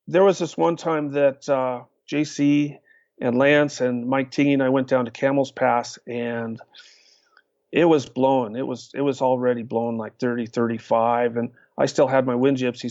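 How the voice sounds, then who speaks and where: An older man appears as a podcast guest, telling stories in an interview as a lively storyteller who acts out quotes and uses lots of "uh" fillers. His voice is mid-range and gravelly, with a dry recording and dull lo-fi sound.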